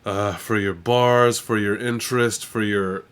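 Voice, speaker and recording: A man's voice: fairly low pitch, steady tone, measured pace, fairly bright tone, a little hiss or hum. A man hosting a live stream, chatting casually in a slangy, laid-back way and swearing freely. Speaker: stream host and rapper.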